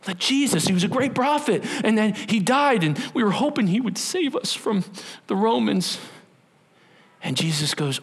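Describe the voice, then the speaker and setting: A man's voice: sits high, sing-song, normal speed, breathy edge. A middle-aged male pastor preaching a sermon, telling the story with acted-out voices and sudden drops to a whisper.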